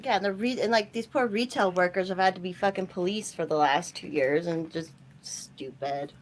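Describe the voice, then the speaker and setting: A woman's voice: fairly low pitch, normal speed, a little hiss or hum. A woman chatting casually on a group stream, ranting with frustration and mocking people she quotes. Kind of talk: casual chat.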